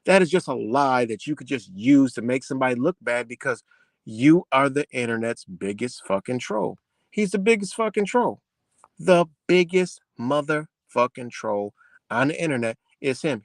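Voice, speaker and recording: A man's voice: mid-range voice, no room sound. A man ranting heatedly and profanely on his livestream, repeating himself as he vents. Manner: agitated, profane, repetitive ranting.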